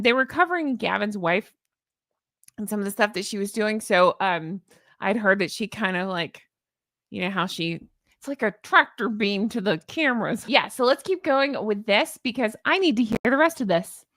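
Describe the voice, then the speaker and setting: A woman's voice: on the high side, fairly bright tone, no room sound, clean studio sound. A woman hosting a casual commentary vlog, sarcastic and exasperated as she rants. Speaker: YouTube commentary host.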